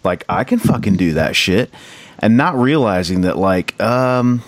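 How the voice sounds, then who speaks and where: Low-voiced man in dry casual chat. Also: unhurried, no room sound. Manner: relaxed, reflective, swears casually.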